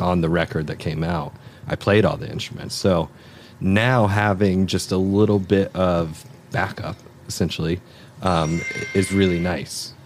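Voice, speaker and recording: A man's voice: deep voice, a little hiss or hum. A man, a musician guest on a podcast, chatting casually in a laid-back way that trails off and restarts. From Southern Oregon, United States. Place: lodge room.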